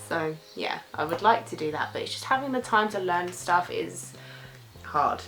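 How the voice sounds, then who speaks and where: Young woman, British accent, casual vlog Q&A, rambling chatter, slightly low voice, faint music behind. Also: lively intonation, moderate pace, a bit bright, rough recording. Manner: chatty and rambling, loses her train of thought. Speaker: YouTuber answering viewer questions. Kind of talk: casual question-and-answer vlog.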